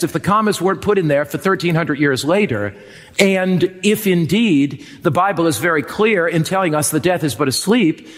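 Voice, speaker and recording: A man preaching a sermon as pastor, emphatic, with slow drawn-out lines and quick stretches. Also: high voice, big-room sound. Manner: emphatic preaching, swinging between slow drawn-out and fast delivery.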